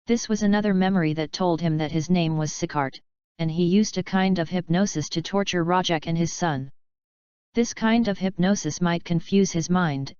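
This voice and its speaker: Clear low-pitched woman reading a story. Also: a little mellow, no echo, lo-fi sound. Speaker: narrator. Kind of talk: audiobook reading.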